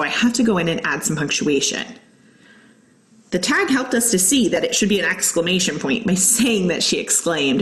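A woman teaching a grammar lesson as a guest teacher, explaining step by step and slowing down to read out examples. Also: on the low side. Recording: echoey room.

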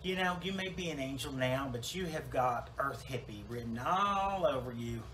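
A man's voice: medium pitch, expressive, moderate pace, bright, forceful tone, low-quality recording. Brief: male preacher doing a self-absorbed salon-owner woman in heaven, rambling and wry, mid-range voice, faint hiss behind. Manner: rambling, full of fillers and restarts, wry. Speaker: preacher in character. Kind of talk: comic church monologue.

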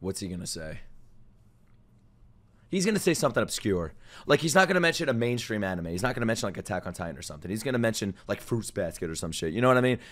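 Animated swearing reaction streamer, man. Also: fairly low pitch, quick pace. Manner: loud, animated, swearing, sudden outbursts. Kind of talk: anime reaction commentary.

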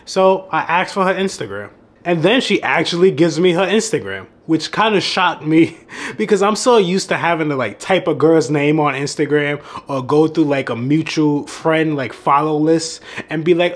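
A man's voice: fairly high pitch, moderate pace. A young man who coaches on dating, telling a story in a casual vlog, laughing often and swearing freely.

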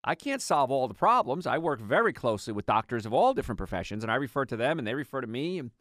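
A middle-aged man hosts a health talk show, his pitch rising and falling through lively stories. He speaks into a studio mic with a dry, close sound. The tone is animated and conversational. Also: fast, dry recording. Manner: animated storytelling, acts out patients' lines. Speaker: health radio host.

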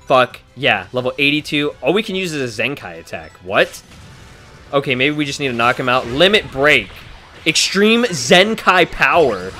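A young man giving excited, profanity-laced commentary on his playthrough. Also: medium pitch, moderate pace. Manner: hyped, swears a lot, frequent exclamations. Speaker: let's play gamer. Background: faint game music.

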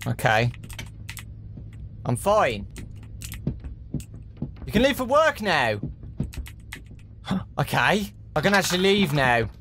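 A man's voice: fairly high pitch, wildly swooping pitch, slow pace, pauses often, noisy background. Jumpy young man narrating a horror game. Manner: jumpy, nervous muttering to viewers. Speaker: gaming YouTuber. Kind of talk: horror game let's play commentary.

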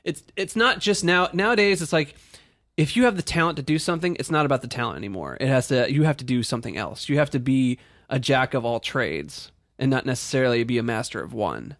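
A man's voice: mid-range voice, animated, quick pace, a bit bright, no echo, clean studio sound. A man hosting a casual podcast, friendly and joking, often laughing as he talks. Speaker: podcast host.

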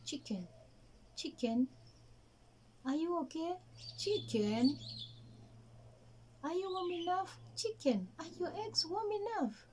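A woman voicing an eager, anxious little rabbit in a children's story, speaking high and pleading. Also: big pitch swings, slow pace, pauses often, a little mellow, a little hiss or hum, full character voice. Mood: fretful.

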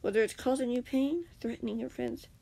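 A woman's voice: on the high side, brisk, gravelly, warm tone, pitched above the performer's own voice. A woman voicing a defiant young male captive in an amateur fanfiction reading, speaking plainly and stubbornly.

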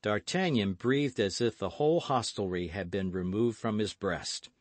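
A man narrating a classic novel as an audiobook, reading slowly and expressively. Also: fairly low pitch, no room sound.

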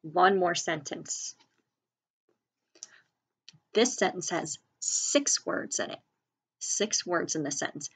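A woman's voice: on the low side, takes it slowly, pauses often, fairly bright tone, breathy edge. A woman teacher giving a recorded spelling lesson, patient and careful, spelling words out letter by letter.

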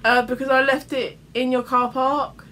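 Bright, giggly young woman, vlog host, fairly high voice. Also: normal speed, slight background noise, rough recording. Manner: giggly, excitable between calls. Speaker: vlogger making prank calls. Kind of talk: casual chat and prank call.

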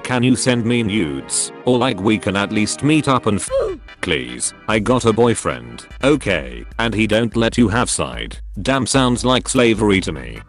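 A man's voice: fairly low pitch, sing-song, a little slow, soft background music. A man reading out funny text message exchanges in a comedy video, adding dry, wry comments between them. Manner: wry, reads messages aloud then comments dryly. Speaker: narrator of meme videos.

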